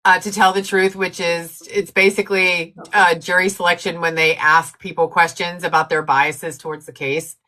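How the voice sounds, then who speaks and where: A woman's voice: lowish voice, flat delivery, bright, forceful tone. A woman co-hosting a casual live-stream chat, telling anecdotes and laughing often. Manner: storytelling, laughs often, quick asides to the chat. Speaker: co-host.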